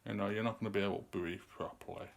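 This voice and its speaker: This vlogger, a man in his 30s, has a lowish, steady, creaky voice and races along as he rambles chattily to camera. At times he runs out of breath.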